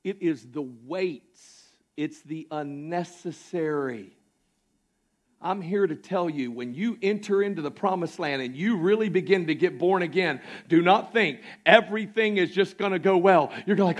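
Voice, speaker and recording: A man preaching a church sermon, swinging between fervent shouting and sudden near-quiet asides, with a Southern American accent. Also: high voice, lively intonation, measured pace. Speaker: pastor. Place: church sanctuary.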